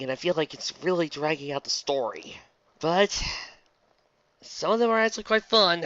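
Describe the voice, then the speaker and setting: A wry, animated reader narrating a fan story aloud, on a dull lo-fi recording. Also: mid-range voice, normal speed, long pauses, no room sound.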